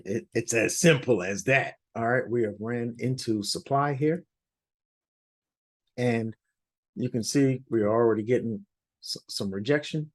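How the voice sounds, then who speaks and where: A hoarse man presenting a weekly forex outlook over charts, rambling a little and often checking in with "all right?". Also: lowish voice. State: hoarse, losing his voice. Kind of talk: unscripted chart walkthrough.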